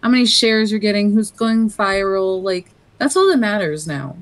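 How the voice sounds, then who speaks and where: A woman's voice: mid-range voice, animated, moderate pace, low-quality recording. Laid back woman cohost, normal mid voice, just chatting and asking stuff. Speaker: podcast co-host. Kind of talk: casual chat.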